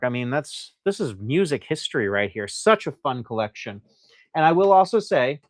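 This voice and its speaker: A chatty, enthusiastic man hosts a live sale of antiques and keeps up a loose, rambling patter. His voice sits at an ordinary middle pitch. The sound is dry and close, with no room echo. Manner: chatty and enthusiastic, reads viewer comments aloud; loose and rambling, with frequent fillers. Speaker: host selling antiques on a live stream. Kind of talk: live sales presentation.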